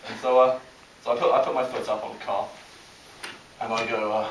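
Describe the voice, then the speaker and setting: A young British man delivers a stand-up set in a halting, self-deprecating way, often restarting his sentences. He sounds distant from the mic, in a roomy, echoing space. A clear hiss runs under the whole recording. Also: medium pitch, flat delivery, a bit bright. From Britain. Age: young adult. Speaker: stand-up comic. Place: college comedy show with a live audience. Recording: echoey, distant, hissy live recording.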